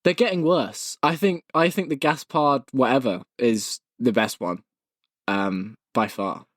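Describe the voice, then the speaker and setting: A man's voice: medium pitch, unhurried, a bit bright, dry recording, clean studio sound. A young man co-hosting a podcast in casual chat, teasing and laughing often. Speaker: podcast co-host.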